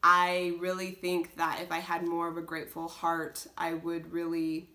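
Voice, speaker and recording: A woman's voice: fairly low pitch, completely flat delivery, moderate pace, pushed and bright. Earnest, rambling young woman vlogger. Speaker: homeschooling mom vlogger. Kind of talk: casual chat.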